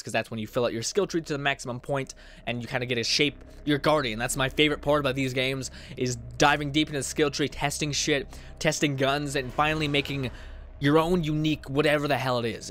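A man's voice: medium pitch, a bit bright. A man from Canada rambling through casual let's-play commentary as the channel host, chatty and loose with swearing.

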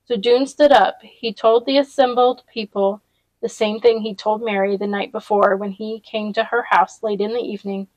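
A woman's voice: mid-range voice, steady tone, moderate pace, a little mellow, no room sound, low-quality recording. A woman reading a novel aloud chapter by chapter, with casual personal asides along the way. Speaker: audiobook reader.

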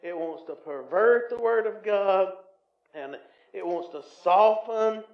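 Southern man, pastor, sermon, high-pitched, booming echo, loud-then-hushed delivery. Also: slow, creaky. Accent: Southern American. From Tennessee. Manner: swings between loud emphatic preaching and low, quiet asides. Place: church sanctuary. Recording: echoey, slightly muffled church recording.

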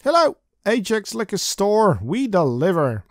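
A man's voice: high voice, sing-song, unhurried, no room sound, studio quality, voice pushed up. Man doing a curt liquor store clerk. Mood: brisk.

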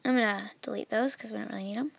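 A young woman explaining an app in a casual, chatty way, with many fillers and a voice that trails off softly. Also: mid-range voice, steady tone, rapid-fire, gravelly, no echo. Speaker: video tutorial maker. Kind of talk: casual screen tutorial.

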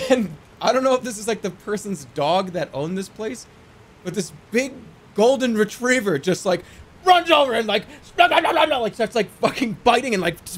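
A man streaming a video game, casually chatting and telling a long, excitable story, swinging from low mumbles to yelps. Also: slight background noise. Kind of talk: casual gameplay commentary.

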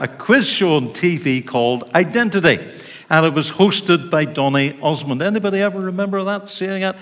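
A man's voice: high-pitched, a bit bright. A middle-aged man with a Northern Irish accent, a pastor preaching a sermon in an informal, chatty way, with asides to the congregation. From Northern Ireland. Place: church. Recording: reverberant church hall.

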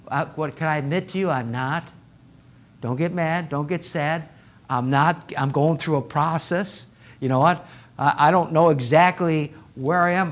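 Animated man preaching a sermon. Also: fairly high pitch. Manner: animated, rising loud when excited, conversational asides to congregation. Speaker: pastor. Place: church sanctuary.

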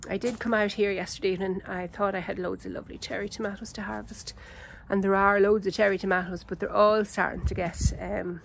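An Irish woman giving a casual, unhurried walkthrough of her vegetable garden outdoors, chatty and full of ums and self-corrections. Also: medium pitch, level tone, creaky, rough recording. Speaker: home gardener and channel host.

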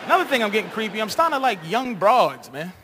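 A man doing a crude, rambling stand-up comedy set on a live stage, shouting his punchlines and acting out voices. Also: sits high, sing-song, quick pace, noisy background.

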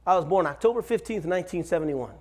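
A man in his forties preaches in a church with a high, lively voice that climbs and drops all over the place. He tells stories with humor and checks in with the room, asking "Amen?" as he goes. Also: quick pace. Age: 40s. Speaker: pastor. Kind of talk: sermon. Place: church sanctuary.

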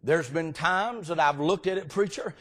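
A man preaching a folksy revival sermon as a guest preacher, often breaking into shouts. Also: on the high side, normal speed. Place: church sanctuary.

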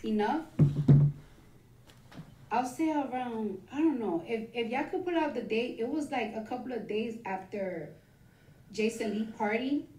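A woman casually telling a personal story, rambling and rapid, with many restarts and the odd curse. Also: a little high, background noise. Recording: echoey, from far off the mic.

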